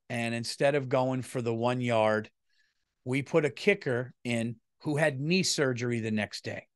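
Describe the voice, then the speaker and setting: A man's voice: mid-range voice, no room sound, studio quality. Profane New man ranting on his podcast. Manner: profane, animated, swings loud and quiet. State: feeling unwell. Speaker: comedian podcast host. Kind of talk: casual comedic rant.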